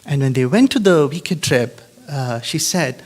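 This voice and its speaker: A man's voice: fairly high pitch, lively intonation, moderate pace. A man preaching a live sermon in a conversational, emphatic way, often checking in with the congregation. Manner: conversational, emphatic, frequent "right?" and "okay?" checks.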